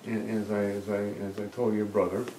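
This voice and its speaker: A man in his sixties, a retiring musician, speaking softly and hesitantly in an interview, often repeating words as he starts a thought. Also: fairly low pitch, level tone, fairly quick, a little hiss or hum. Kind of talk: relaxed interview conversation. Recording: roomy sound from a distant mic.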